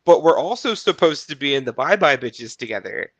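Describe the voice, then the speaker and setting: A man on a reality TV podcast panel talks in animated, rapid bursts, his voice bright and a little pitched up. The sound is close and dry. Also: no echo, lo-fi sound. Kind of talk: casual reality-TV chat.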